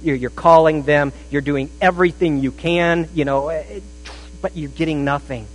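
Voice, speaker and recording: A pastor preaching a sermon, shifting between rising emphasis and a hushed, intense delivery. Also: male voice, fairly high pitch, fairly even intonation, normal speed, a little hiss or hum, rough recording. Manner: dramatic, drops to a hushed intensity.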